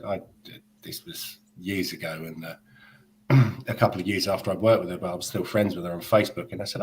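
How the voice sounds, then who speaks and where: A man's voice: normal speed, rough recording. A man on a fan podcast panel, telling an amused anecdote in casual chat. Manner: amused, puts on high voices for quotes.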